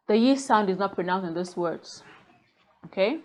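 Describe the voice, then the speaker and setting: A woman's voice: medium pitch, expressive, moderate pace, a little mellow. A woman teaching English pronunciation, drilling word pairs one at a time and checking in with the class as she goes. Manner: drills minimal pairs, checks understanding with "Okay?" and "Clear?". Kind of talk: slow, deliberate phonics lesson.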